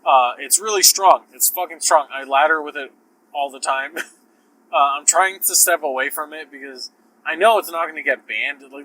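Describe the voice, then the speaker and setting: A man's voice: mid-range voice, sharp tone, a little hiss or hum, poor audio. A man hosting a podcast, with a sore throat, talking casually in a rambling, profane, self-interrupting way. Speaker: podcast host. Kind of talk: casual solo podcast talk.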